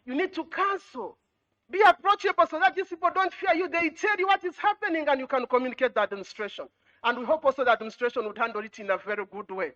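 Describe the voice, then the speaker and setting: A woman's voice: sits high, fast talker, fairly bright tone, lo-fi sound. A woman, an education official addressing students, repeating points, asking rhetorical questions and often saying "you know.". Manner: exhorting, repetitive, with rhetorical questions; frequent "you know" fillers.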